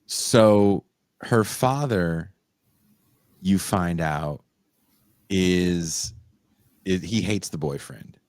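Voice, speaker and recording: A man with a very low, deep voice co-hosts a podcast in casual chat. He retells a story with animated energy and jumps into sudden high shrieks when he acts out the quotes. The sound is dry and close to the mic. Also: drawn-out words, pauses often, dry recording. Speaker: podcast co-host.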